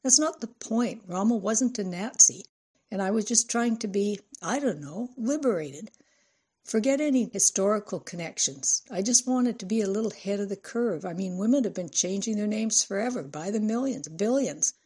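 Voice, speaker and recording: A woman voicing a husband who reasons and soothes his upset wife, in a husky, mellow voice. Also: medium pitch, animated, normal speed. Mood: defensive. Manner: reasoning, placating, sighing. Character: middle-aged husband, patient and placating.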